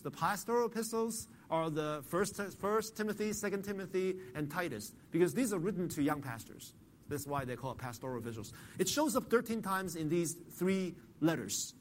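A man's voice: on the high side, a little hiss or hum. A man preaching an expository sermon in an earnest, teaching manner, often repeating and restarting words and putting questions to the listeners. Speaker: pastor.

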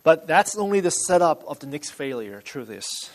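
A male pastor delivering a sermon, emphatic and deliberate, repeating key phrases. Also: on the high side, very animated, rough recording.

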